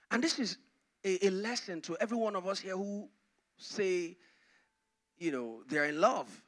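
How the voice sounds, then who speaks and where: A male pastor preaching a sermon, dramatically swinging from loud to hushed. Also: high voice, normal speed, long pauses.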